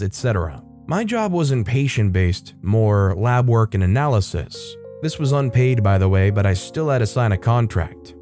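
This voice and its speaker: A man's voice: medium pitch, a little mellow. A man reading online stories aloud, adding casual, wry comments between them.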